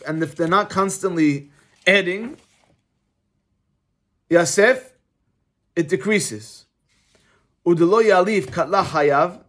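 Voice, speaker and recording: A middle-aged rabbi with a fairly high voice gives a casual Torah class, moving easily between the text and his own anecdotes. He talks in an animated, conversational way, like he's chatting with the room.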